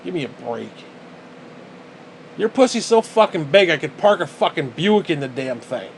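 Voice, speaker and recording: A man's voice: on the high side, sing-song, normal speed, creaky, slight background noise. A man vlogging a casual rant to the camera, crude, profane and exasperated.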